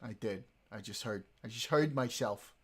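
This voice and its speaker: A man's voice: lowish voice, normal speed, a crowd in the background. A man streaming live, chatting casually with his viewers, joking, swearing and laughing often.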